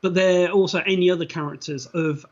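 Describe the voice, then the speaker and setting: A man's voice: high voice, steady tone, a little fast. A man co-hosting a podcast in casual chat, wry and a little hesitant, often trailing off mid-sentence. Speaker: podcast co-host. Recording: dull lo-fi mic.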